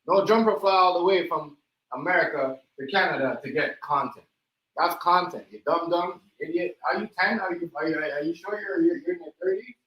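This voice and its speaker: A man's voice: on the high side, fairly quick, a bit bright, poor audio. Man ranting in a livestream. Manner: mocking, insulting, repeats himself. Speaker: livestream host. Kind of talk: heated reaction rant.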